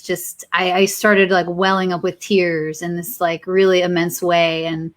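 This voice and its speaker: A woman's voice: lowish voice, flat delivery, unhurried, few pauses. A woman hosting an online poetry event, gushing and emotional, talking with many fillers over a video call. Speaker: event host. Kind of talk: casual hosting.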